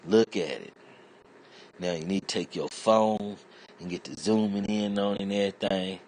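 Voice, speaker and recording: A man's voice: lowish voice, fairly even intonation, normal speed, darkish tone, slight background noise. A man delivering a rambling, profane comedic rant in a streetwise, conversational way. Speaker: internet comedian.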